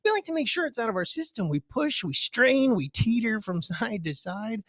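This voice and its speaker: A man doing a stand-up comedy set from home over a video call, animated, jumping up in pitch for the voices he quotes. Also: moderate pace, dry recording, clean studio sound. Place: home, virtual show.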